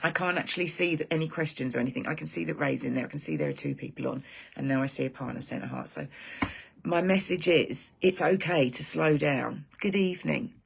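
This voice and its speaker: A woman's voice: low-pitched, a little fast, creaky, breathy edge. A woman hosting a live stream for her group, talking in a rambling, heartfelt casual chat.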